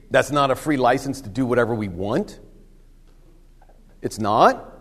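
Male preacher, conversational sermon, acted-out dialogue, soft hushed moments, long hall reverb. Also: mid-range voice, expressive, slow.

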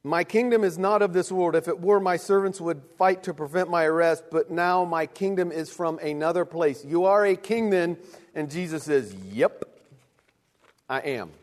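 A man in his thirties preaching a sermon in an animated way, acting out quick voices for God and people. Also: high voice. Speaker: pastor. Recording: long reverb of a hall.

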